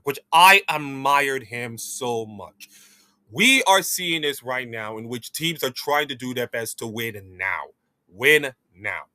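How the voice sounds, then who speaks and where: Bright-voiced man hosting esports news. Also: medium pitch, no room sound. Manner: rambling and animated, frequent restarts. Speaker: esports news show host. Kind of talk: opinionated esports commentary.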